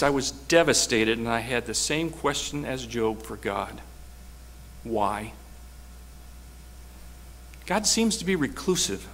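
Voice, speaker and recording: A man's voice: mid-range voice, lively intonation, slow pace, long pauses, fairly bright tone, a little hiss or hum. A man preaching a sermon, telling a personal story with earnest, rising emphasis.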